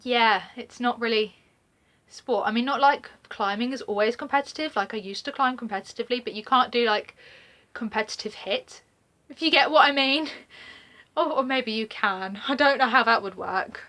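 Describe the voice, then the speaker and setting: A woman's voice: a little high, normal speed, bright, forceful tone. A young woman with a regional British accent chatting to camera in a casual get-to-know-me vlog, rambling with many fillers and laughs. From Britain. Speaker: vlogger.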